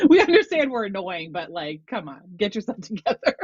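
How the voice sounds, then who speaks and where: A woman's voice: on the high side, breathy edge, dry recording, muffled recording. A woman co-hosting a podcast, chatting casually about a TV show and telling family stories with lots of laughter. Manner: animated storyteller, laughs a lot, acts out quotes. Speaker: podcast co-host.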